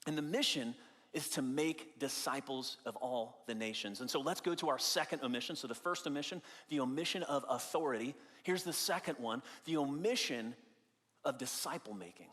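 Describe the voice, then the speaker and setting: A man's voice: mid-range voice, a bit bright, big-room sound. A male pastor preaching a sermon in a conversational, explaining way, stressing key phrases by repeating them. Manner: conversational, explaining with everyday examples. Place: church sanctuary.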